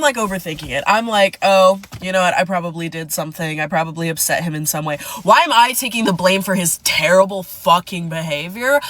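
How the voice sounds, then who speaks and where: A woman's voice: mid-range voice, fairly bright tone, dry recording. A woman telling a casual storytime to her viewers, dramatic and full of swearing. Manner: dramatic, profane, addresses viewers as "divas".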